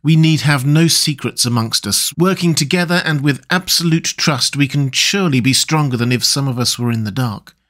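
A man reading an audiobook, voicing an earnest young gentlewoman who speaks gently but with grave resolve. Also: mid-range voice, moderate pace, hardly any pauses, natural voice. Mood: resolute. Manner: gentle, pleading, steady.

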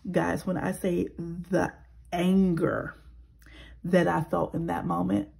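A woman in her thirties chatting casually as a budgeting vlogger. She talks softly, slips into whispers while counting cash and rambles when she vents. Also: on the low side, level tone, slow pace, gravelly, husky, rough recording. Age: 30s. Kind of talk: casual vlog chat.

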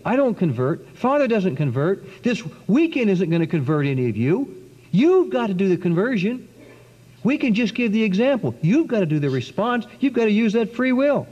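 A middle-aged man giving a religious testimony talk, telling his story with lively acted-out quotes. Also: high-pitched. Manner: animated storyteller, acts out quotes. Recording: dull 1990s recording in a reverberant hall.

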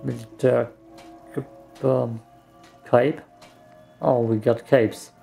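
A man's voice: medium pitch, flat delivery, slow, vocal fry, mellow, soft background music. A man mutters casual gameplay commentary to himself while he plays, with some mild swearing. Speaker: gaming streamer.

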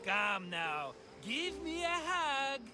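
An actor playing a flamboyant, theatrical middle-aged schemer in a video game cutscene. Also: male voice, very high-pitched, very animated, extremely slow, over music, full character voice. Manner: theatrical, boastful. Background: game score.

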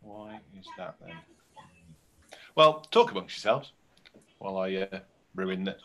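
A man's voice: deep voice, expressive, a little slow, background noise. A man on a video call, wry and joking about the sound trouble. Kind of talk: casual chat over a video call. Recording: dull lo-fi call audio.

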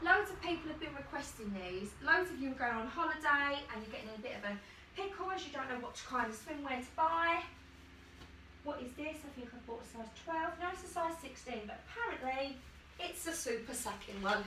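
A woman's voice: high voice, animated, fairly quick, bright, forceful tone, distant mic, slight background noise. A woman chatting in a giggly, self-deprecating way while she tries on swimwear for her vlog. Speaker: YouTuber. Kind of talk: chatty try-on haul vlog. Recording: echoey room, voice from across the room.

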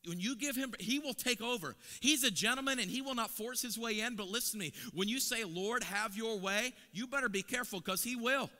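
High, bright-voiced preaching man. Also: quick pace, few pauses. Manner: impassioned, repeats words and builds to loud emphatic peaks. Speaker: evangelist. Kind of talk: sermon. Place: church sanctuary. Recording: long church reverb.

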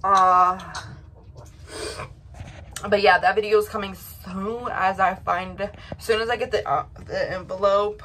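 A woman's voice: mid-range voice, steady tone, measured pace, pauses often, bright, forceful tone, a little hiss or hum. A young woman chatting casually to her vlog audience, rambling and emotional with lots of fillers and restarts. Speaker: vlogger.

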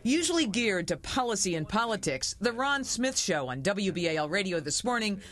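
A woman TV news reporter delivering a measured, composed report. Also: mid-range voice, big pitch swings, a bit bright.

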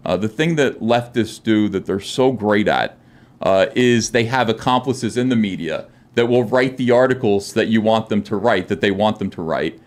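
A middle-aged man with a fairly low voice tells his story as a podcast interview guest. He rambles and fills gaps with "uh," and he plays out the lines of others in his own voice. The sound is a close studio microphone. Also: moderate pace. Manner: rambling, frequent "uh" fillers, acts out quoted dialogue. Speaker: guest comic artist.

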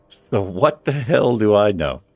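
A man's voice: lowish voice, darkish tone, no echo. A man hosting a let's play, chatting casually and thinking aloud with a self-deprecating streak as he plays. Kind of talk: casual gameplay commentary.

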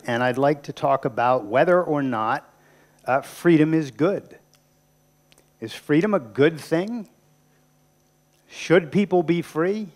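A man's voice: medium pitch, a little mellow. Man giving a conversational lecture. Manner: conversational, emphatic, asks rhetorical questions. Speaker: guest lecturer. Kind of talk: public lecture. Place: university lecture room.

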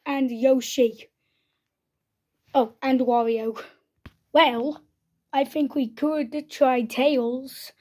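A woman voicing characters in a homemade toy-figure play video, speaking haltingly with fillers and restarts. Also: high-pitched, warm tone. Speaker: creator voicing all the characters.

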